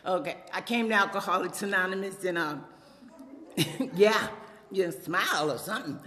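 A woman's voice: mid-range voice, moderate pace, heavy background noise. A middle-aged woman with a Louisiana accent, giving a chatty, joking personal testimony at a podium in a meeting room. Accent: Louisiana Southern. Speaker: speaker at a recovery meeting. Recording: reverberant hall.

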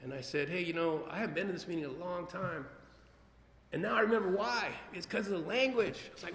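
A man speaking at a recovery meeting, telling his own story in a rambling, animated way with many restarts and acted-out quotes. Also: high voice, a little fast. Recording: echoey hall, long reverb.

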